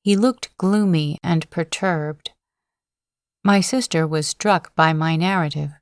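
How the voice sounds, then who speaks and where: A woman narrating a classic novel as a sleep-story audiobook, in a calm, measured manner. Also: low-pitched, smooth, dry recording, clean studio sound.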